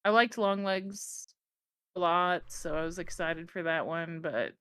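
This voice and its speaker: A young woman co-hosts a podcast in loose, casual chat and laughs easily. Her voice is smooth and clean, and the recording is dry and close, with no room sound. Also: lowish voice, unhurried, a bit bright, no echo. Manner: laughs often, easygoing. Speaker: podcast co-host.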